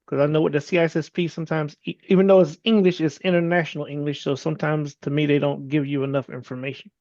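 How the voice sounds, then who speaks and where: Tentative student, man, gravelly, slightly higher voice. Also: flat delivery, fast, darkish tone, dry recording, dull audio. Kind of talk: casual chat.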